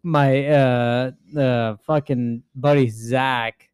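A man's voice: mid-range voice, fairly even intonation, extremely slow, a little mellow, smooth, no echo, clean studio sound. A young man hosting a podcast, telling a rambling, profane story with frequent laughs. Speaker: podcast host. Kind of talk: casual storytelling chat.

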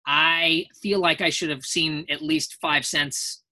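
A man, a voice actor guest at a convention panel, telling anecdotes in a lively, animated way. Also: a little high, slow. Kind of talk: casual panel interview.

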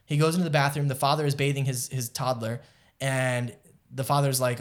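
A man co-hosting a casual anime podcast, retelling plot at length. He rambles with frequent "like" and "um" and drifts into asides. His pitch sits mid-range. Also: fairly even intonation, brisk. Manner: rambling, lots of fillers and asides, distracted by live chat. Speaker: podcast co-host. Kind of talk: casual chat reviewing anime.

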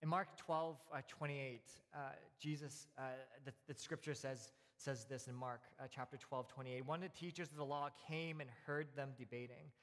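A man in his thirties preaching a conversational sermon, telling stories in a relaxed way with many fillers and restarts. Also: medium pitch, moderate pace, hardly any pauses, big-room sound. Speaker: pastor.

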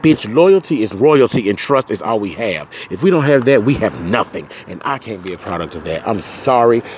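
A man hosting a podcast, ranting angrily and profanely, swinging from low muttering to loud outbursts. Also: a little hiss or hum. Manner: profane, venting, swings between muttering and shouting. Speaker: podcast host. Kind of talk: angry solo podcast rant.

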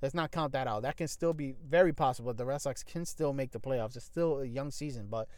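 A man's voice: medium pitch, brisk, a little mellow, dry recording. A young man in a casual sports talk show, blunt and profane, rambling with restarts and slang. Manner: frequent restarts and fillers, loose slangy grammar.

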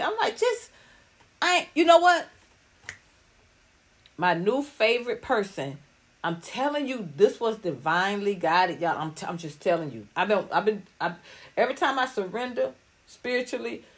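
A middle-aged woman hosting a podcast, talking casually to viewers in a blunt, profane and preachy way. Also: mid-range voice. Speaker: podcast host. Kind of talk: casual livestream talk to viewers.

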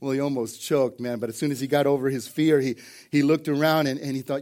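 A man's voice: mid-range voice, flat delivery, quick pace, a little mellow. A middle-aged man preaching a sermon to his congregation, telling folksy stories with jokes and restarts. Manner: folksy storytelling with jokes, repeated starts and "man". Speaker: pastor. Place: church service before a congregation.

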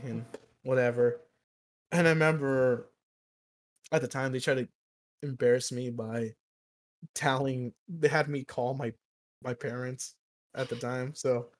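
A young man co-hosting a podcast, telling a long story in casual chat, swearing and laughing as he goes. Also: mid-range voice. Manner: animated, profane, laughs through the story. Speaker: podcast co-host.

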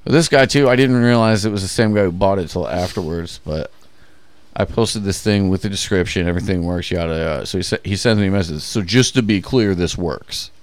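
A man's voice: low-pitched, fast talker, slight background noise. A man co-hosting a podcast, telling rambling stories in casual profane chat, full of "like" fillers and restarts.

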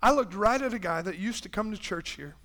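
A male pastor preaching a sermon with passion, shifting between loud, shouted lines and hushed, quiet ones, and acting out quoted voices as he goes. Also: high-pitched, lively intonation, brisk. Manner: impassioned, swings from loud preaching to hushed tones. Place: church.

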